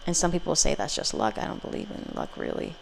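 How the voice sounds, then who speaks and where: Brief: a woman doing a casual tarot reading, rambling and profane, with a gravelly low voice. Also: wildly swooping pitch, fast, slight background noise. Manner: blunt, profane, rambling, with acted quotes. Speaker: tarot reader.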